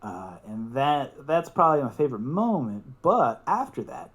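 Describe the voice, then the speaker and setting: A young man with a mid-pitched voice tells a story as a podcast guest. He talks casually, swears freely and laughs as he goes, turning excitable as the story builds. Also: moderate pace.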